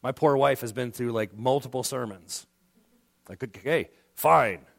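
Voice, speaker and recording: A man's voice: mid-range voice, fairly even intonation, moderate pace, vocal fry. A middle-aged man preaching a sermon as pastor, conversational, acting out quoted voices.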